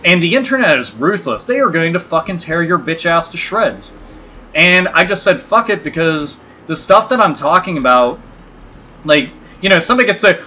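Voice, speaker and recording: A man's voice: high-pitched, sing-song, normal speed, sharp tone, slight background noise. Foul-mouthed ranting male streamer. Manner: profane, blunt and ranting; rambling with many restarts. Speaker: gaming livestream host. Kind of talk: casual livestream chat.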